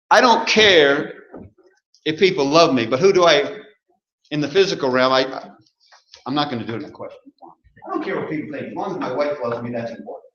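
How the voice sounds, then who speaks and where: In a church sanctuary, a man with a slightly high voice and fairly bright tone delivers a sermon from the pulpit. He quizzes the congregation and slips in jokes along the way, captured in a roomy, muffled recording.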